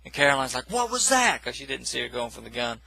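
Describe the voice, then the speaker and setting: A man's voice: medium pitch, little pitch movement, quick pace, gravelly, bright, forceful tone, no room sound, rough recording. A man casually recapping a film plot in a rambling, self-correcting way, with dismissive asides. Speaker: movie reviewer.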